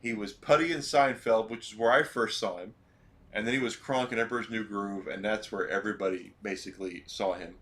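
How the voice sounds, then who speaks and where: A man's voice: lowish voice, brisk, a bit bright. A man streaming a video game, chatting casually and rambling as he plays. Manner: rambling, self-correcting, chatty. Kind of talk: casual gameplay commentary.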